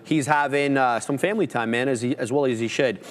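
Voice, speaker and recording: A man hosting a live trading stream, calling out entries and chart levels in steady technical commentary. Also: medium pitch, brisk, long reverb tail. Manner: steady technical play-by-play with jargon. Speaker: host trader. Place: studio, livestream.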